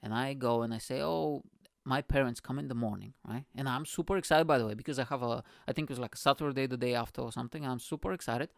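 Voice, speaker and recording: A man's voice: medium pitch, quick pace, creaky, no room sound, clean studio sound. A man, telling a childhood story as a comedian and podcast host, swearing freely and laughing at himself. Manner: animated, swearing, laughs at his own story. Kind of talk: storytelling monologue.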